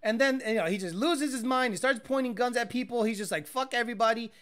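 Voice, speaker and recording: A man with a bright, forceful voice chats casually on his own stream. He rambles, swears freely and tells stories with loud, animated energy. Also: extremely high pitch, quick pace. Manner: profane, rambling, animated storytelling. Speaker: livestream host. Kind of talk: casual chat.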